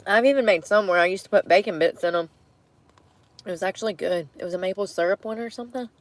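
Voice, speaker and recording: A woman's voice: medium pitch, quick pace. A young woman chatting casually and laughing as she eats in her parked car. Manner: chatty, laid-back, laughs often, talks while eating. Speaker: vlogger. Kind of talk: casual vlog chat while eating.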